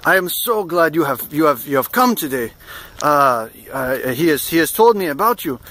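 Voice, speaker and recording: A man's voice: a little high, sing-song, normal speed, sharp tone. A man voicing a large, bearded male rug dealer who is effusive and overly welcoming.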